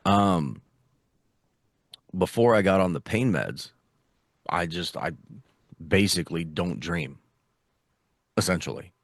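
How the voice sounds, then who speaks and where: A man's voice: low voice, animated, slow pace, long pauses, dry recording, clean studio sound. A man co-hosting a podcast in casual chat, swearing freely and calling his friend "dude". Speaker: podcast co-host.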